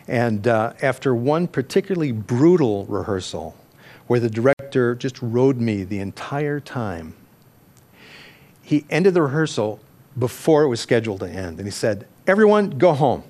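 A man's voice: medium pitch, lively intonation, measured pace, a little mellow. Candid, self-mocking man telling a story. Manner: candid, self-deprecating, laughs at himself; restarts and corrects himself mid-sentence. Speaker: speaker telling a personal story. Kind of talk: reflective personal storytelling.

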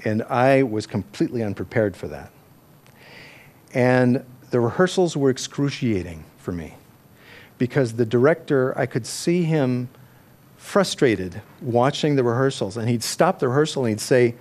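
A man's voice: mid-range voice, animated, moderate pace, darkish tone. A middle-aged man telling a personal story in a candid, self-deprecating way, often correcting himself and laughing at his own words. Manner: restarts and corrects himself mid-sentence.

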